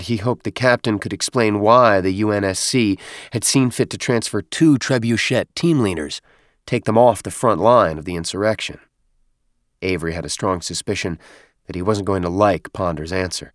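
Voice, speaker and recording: A male narrator reads a story aloud in a low, steady voice. His delivery is even and measured. The sound is dry and close to the mic. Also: no echo. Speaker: audiobook narrator. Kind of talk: scripted narration.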